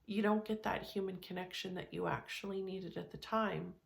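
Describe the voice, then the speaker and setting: A woman's voice: medium pitch, fairly even intonation, normal speed, gravelly. A woman giving a candid, conversational self-help talk, speaking frankly and often restarting or repeating words.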